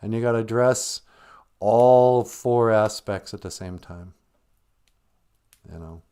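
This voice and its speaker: A man hosting a live stream, talking casually about grief with gentle, self-deprecating humor while holding back tears. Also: low voice. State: close to tears.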